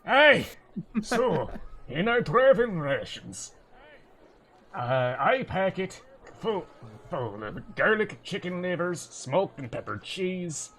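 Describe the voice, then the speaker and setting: A man's voice: fairly high pitch, unhurried, slight background noise. A man doing a hearty thick-accented dwarf. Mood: proud. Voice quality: thick hard-to-follow accent. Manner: hearty, loud, relishing each food item. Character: jolly male dwarf food merchant, proud and hearty.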